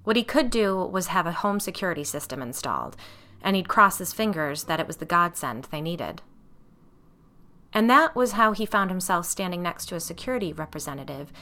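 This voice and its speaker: A woman reading an audiobook in a measured, suspenseful narration. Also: on the low side, expressive, pushed and bright.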